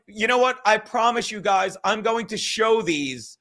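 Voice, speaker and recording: Bright, fired-up, swearing stream host. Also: male voice, high-pitched, lively intonation, measured pace. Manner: profane, rambling, fired-up. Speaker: livestream host. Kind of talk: livestream chat.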